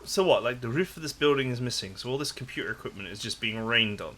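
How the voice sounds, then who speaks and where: Bright-voiced man narrating game text. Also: medium pitch, lively intonation, fast talker. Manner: casual asides full of "like", dramatic read-aloud of game prose. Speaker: let's play host. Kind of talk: gameplay commentary and reading game text aloud.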